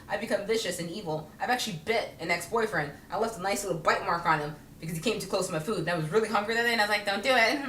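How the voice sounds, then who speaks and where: A bright-voiced young woman talks to camera, telling funny stories and slipping into the voices of the people in them. She is picked up from a little way off in a room with plenty of echo. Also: mid-range voice, slight background noise. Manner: animated, acts out other people's voices, laughs often. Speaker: vlogger. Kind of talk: casual comedic storytelling to camera. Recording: echoey room, mic at a distance.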